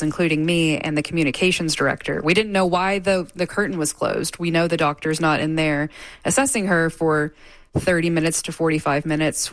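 Low-voiced woman reporter, dry sound. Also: no room sound. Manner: measured, with frequent fillers. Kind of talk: live news interview.

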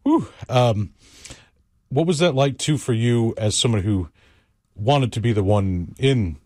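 A man's voice: medium pitch, lively intonation, a little slow, darkish tone, dry recording, studio quality. Rambling, easygoing male interviewer. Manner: rambling, thoughtful questions with fillers. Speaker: interviewer, host. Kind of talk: conversational interview.

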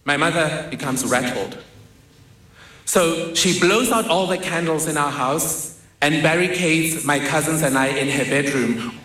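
A young man tells a personal story on stage in a wry, self-deprecating way. His voice is slightly high and bright, and he takes his time. The sound carries a roomy echo from a large hall. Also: a little slow. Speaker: speaker.

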